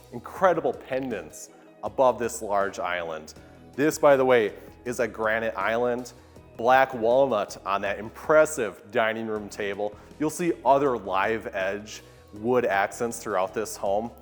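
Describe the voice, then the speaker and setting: An upbeat man with a mid-range voice, speaking a little slowly, leads a walkthrough tour of a large kitchen as a home tour guide. He enthusiastically points out its features while soft music plays in the background.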